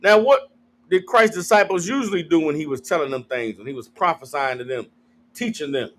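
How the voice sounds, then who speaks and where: Man, high voice, slangy street-style scripture teacher, calls and waits for responses. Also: animated, brisk, fairly bright tone. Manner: call-and-response with the room, slangy, acts out quotes.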